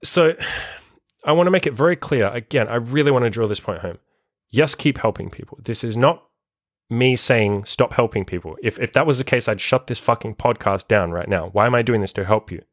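A man's voice: medium pitch, a little fast, no echo, clean studio sound. Blunt, swearing male podcast coach. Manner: blunt and emphatic, swears freely. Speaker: podcast host and life coach. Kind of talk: solo motivational podcast monologue.

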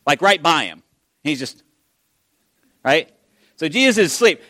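A man giving a conversational sermon, telling the story in a casual, animated way with frequent restarts. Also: a little high, unhurried, no room sound. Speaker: pastor.

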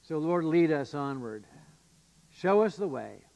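A man's voice: fairly high pitch, lively intonation, measured pace, creaky, darkish tone. A male pastor giving an earnest, emphatic sermon with occasional fillers and restarts. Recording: long reverb of a church hall.

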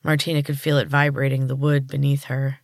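A woman podcast host reading a story aloud in calm, even narration. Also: very deep voice, a little fast, dry recording, studio quality.

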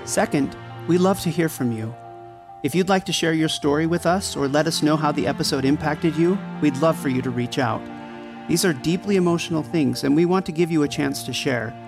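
A man's voice: on the high side, fairly quick. A male podcast co-host reading a sincere, scripted outro. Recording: music bed underneath.

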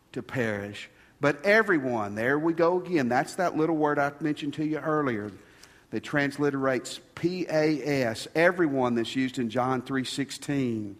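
In a large hall with long reverb, a man preaches a sermon as pastor, his voice fairly high and a bit bright. He drives his points home through repeated key phrases.

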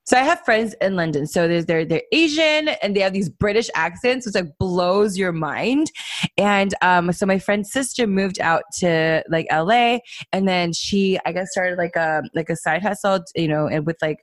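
A woman's voice: fairly low pitch, moderate pace, no room sound. A woman co-hosting a casual podcast, chatting in a rambling, giggly way with lots of fillers. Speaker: podcast co-host. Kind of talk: casual chat.

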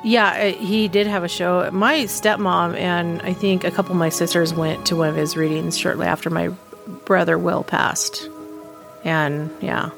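Co-host with a gravelly voice, chatty, short replies, music clear in the background. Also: mid-range voice, flat delivery, normal speed. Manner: short agreeing replies and a personal story. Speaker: podcast co-host. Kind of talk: casual podcast chat.

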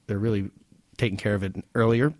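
A man's voice: fairly low pitch, steady tone, a little fast, darkish tone, no room sound. Man explaining finances in a dry, close sound. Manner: explanatory, conversational, asks rhetorical questions. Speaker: financial advisor and show co-host. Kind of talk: casual radio-show talk.

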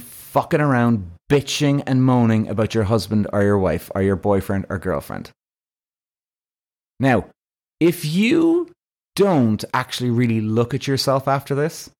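Possibly a man, this podcast host delivers a casual monologue on his own show in a mid-range voice. He speaks bluntly, swears plenty, and emphasizes points with animation.

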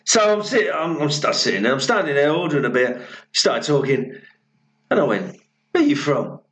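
A man's voice: fairly high pitch, big pitch swings, fairly quick, fairly bright tone. A man co-hosting a casual podcast, telling sweary anecdotes and cutting across the others. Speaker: podcast co-host. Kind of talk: casual pub-style chat. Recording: echoey room, dull lo-fi sound.

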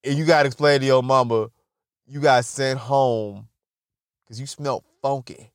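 A man's voice: mid-range voice, fairly even intonation, normal speed, clean tone, no echo, clean studio sound. A young man casually telling funny stories on a podcast, rambling, swearing and laughing at his own jokes, and often acting out other people's voices. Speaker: podcast host. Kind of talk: casual comedic monologue.

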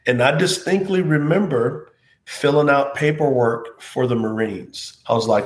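A man's voice: mid-range voice, a little slow. Earnest man telling a heartfelt story. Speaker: interview guest, former pro football player. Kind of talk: personal storytelling in conversation. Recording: roomy echo.

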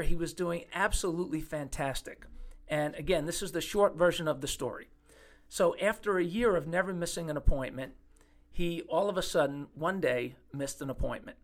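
A middle-aged man, a podcast host and chiropractor, telling a personal story in an earnest, animated way. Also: a little high. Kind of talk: storytelling talk.

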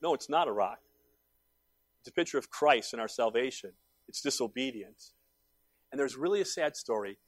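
A male pastor preaching a sermon, swinging between loud emphatic calls and quiet low asides, acting out the voices he quotes. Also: lively intonation, moderate pace, pauses often, no room sound.

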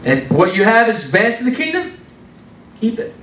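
A man preaching an informal, animated sermon in a conversational way, repeating words for emphasis. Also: high voice, moderate pace, far from the mic. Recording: roomy sound from off the mic.

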